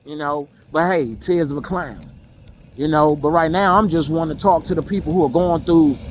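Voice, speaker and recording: A man's voice: a little high, normal speed, background noise. A man giving a blunt, emotional monologue, profane and repeating himself for emphasis. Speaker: vlogger.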